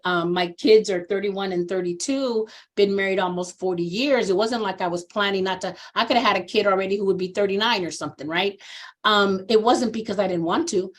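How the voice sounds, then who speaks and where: A woman in her sixties speaks as a guest in a conversational interview, a veteran social worker sharing her experience. She tells stories with lively expression, often slipping into the voices of people she quotes. On personal matters she becomes earnest and reflective. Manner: animated storyteller who acts out quoted voices with big pitch jumps.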